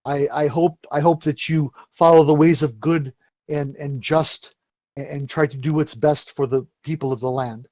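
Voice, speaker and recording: A startled, kindly old village priest who stammers his way through each line, his voice sitting fairly high, as a game master puts him on. The sound is dry and close, like a tabletop game played over a microphone. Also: steady tone, normal speed, darkish tone, dry recording, natural voice. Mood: earnest. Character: nervous kindly village priest, male, older.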